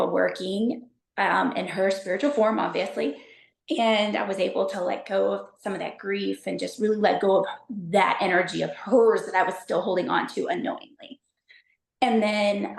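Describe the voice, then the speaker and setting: A woman from Texas, a podcast guest telling stories in a chatty, animated way, full of fillers. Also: medium pitch, vocal fry, echoey room. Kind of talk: casual storytelling chat.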